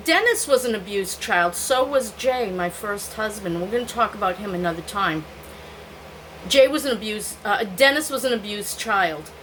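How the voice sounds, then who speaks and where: Bright-voiced older woman telling her story. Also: medium pitch, slight background noise, poor audio. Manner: candid, confessional, laughs at her own stories. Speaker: vlogger. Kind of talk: personal storytelling to camera.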